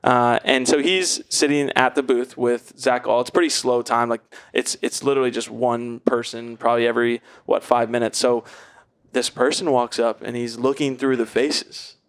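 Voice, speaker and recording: A man co-hosting a casual podcast roundtable, telling an anecdote in an animated way. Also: mid-range voice, normal speed, clear, resonant tone. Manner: animated storyteller. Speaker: podcast co-host.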